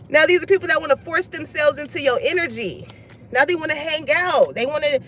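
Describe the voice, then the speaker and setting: Blunt, high-voiced woman reader. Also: fairly quick, fairly bright tone, a little hiss or hum, rough recording. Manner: blunt, profane, laughs often, acts out others' lines. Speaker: tarot reader. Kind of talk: casual spoken reading to viewers.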